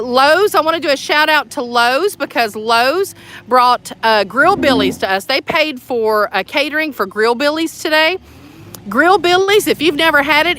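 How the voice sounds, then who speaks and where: A woman hosts a casual livestream outdoors at a building site. Her voice sits a little high and rings bright. She talks in an excited, chatty way that rambles from one thought to the next. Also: a little hiss or hum. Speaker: tiny home community host.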